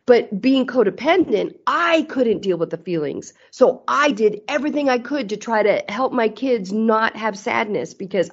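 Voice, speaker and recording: A middle-aged woman talking candidly as a guest in a casual interview, earnest and often restarting her sentences. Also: a little high. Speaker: podcast guest. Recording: slightly muffled audio.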